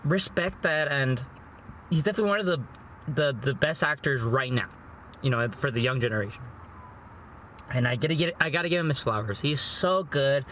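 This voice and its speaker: A man's voice: medium pitch, expressive, normal speed, long pauses, fairly bright tone, a little hiss or hum. A young man chatting casually in his parked car, eating and reviewing a movie. He rambles, repeats words and says "you know" and "bro" a lot. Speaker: food vlogger and movie reviewer. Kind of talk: casual chat while eating.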